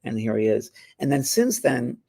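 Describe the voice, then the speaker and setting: A man with a gravelly, husky voice tells stories in a relaxed chat, slipping into the voices of the people he quotes. His pitch sits in a plain middle range, and he laughs easily as he talks. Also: normal speed. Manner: chatty storyteller, acts out quoted voices, laughs often. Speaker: spiritual medium and show host. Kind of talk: casual chat, anecdotal storytelling.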